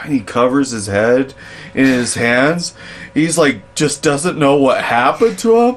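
A young adult man telling work stories in a casual chat, animated and laughing, acting out the voices of others. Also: medium pitch, unhurried, a little hiss or hum. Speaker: podcast co-host, storyteller.

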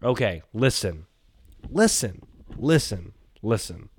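A man hosting a solo podcast, rambling and animated, talking to himself and swinging from loud bursts to quiet mumbles. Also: lowish voice, takes it slowly, breathy edge. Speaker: podcast host.

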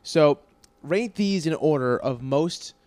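A man hosting a podcast, asking questions in a loose, halting, profane way. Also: fairly high pitch, lively intonation, a little mellow, dry recording. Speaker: podcast host. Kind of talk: casual podcast interview.

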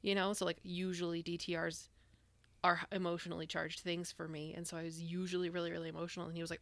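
A woman's voice: fairly low pitch, little pitch movement, rapid-fire, gravelly, a bit bright, dry recording. A young woman co-hosting a podcast, chatting casually and rambling with lots of "like"s and restarts. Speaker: podcast co-host. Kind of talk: casual chat.

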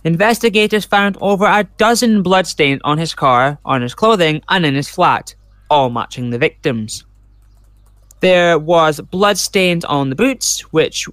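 The host of a casual true crime podcast, a man with a fairly bright voice on the high side, reads through case notes while rambling into side comments. The sound is studio quality with no echo.

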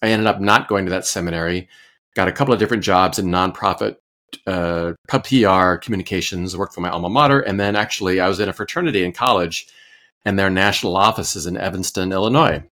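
A man's voice: deep voice, fast, a bit bright. A man in his fifties from Iowa, a pastor, telling his story as a podcast guest in a thoughtful, self-deprecating way. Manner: thoughtful, self-deprecating, with frequent fillers and restarts. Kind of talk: relaxed conversational storytelling.

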